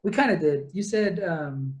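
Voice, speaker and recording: A man's voice: a little high, lively intonation, unhurried, darkish tone. A young man in casual book-club talk, retelling a plot at length with lots of fillers and asides. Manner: rambling, detail-heavy retelling with many fillers. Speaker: podcast co-host.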